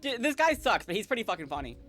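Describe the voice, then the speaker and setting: A woman's voice: medium pitch, sing-song, fast, fairly bright tone, faint music behind. A woman livestreaming a game in a casual, chatty way, giggling often and reading dialogue aloud. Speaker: streamer. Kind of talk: casual live game stream.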